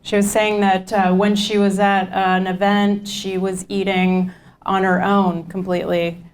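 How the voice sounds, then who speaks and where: Woman teaching a relaxed nutrition class. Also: medium pitch, measured pace. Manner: conversational, repeats audience comments back. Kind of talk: informal teaching to a group. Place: community class room.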